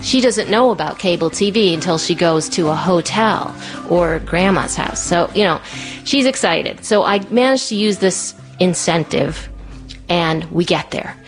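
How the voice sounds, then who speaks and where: A woman telling a personal story in a chatty way, full of "like" and "you know", jumping up high when she acts out voices. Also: unhurried, faint music behind. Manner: lively, acts out quoted voices in a much higher pitch.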